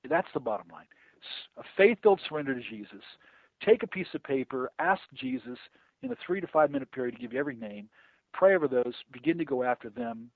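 A man's voice: fairly high pitch, big pitch swings, fast, creaky, dry recording. A middle-aged man talking earnestly about evangelism, repeating words often and acting out conversations he has had. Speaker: evangelist guest. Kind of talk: casual interview talk about evangelism. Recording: tinny phone-line sound, dry.

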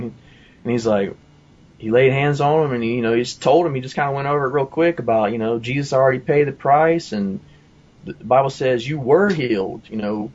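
A man's voice: mid-range voice, dull audio. A man telling a personal testimony in a casual, rambling way, full of asides and fillers. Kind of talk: casual storytelling.

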